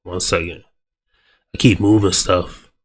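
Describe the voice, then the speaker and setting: A man's voice: low voice, steady tone, unhurried, slightly rough. A young man with a cold, giving loose, slangy reaction commentary straight to his viewers. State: sick with a cold. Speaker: video reactor.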